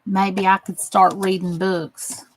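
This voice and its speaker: A woman's voice: mid-range voice, little pitch movement, takes it slowly, a little hiss or hum, rough recording. A woman with a Southern US accent, chatting casually with viewers on her craft channel while she works, using folksy phrases. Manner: chatty, warm-hearted, drawling with folksy phrases.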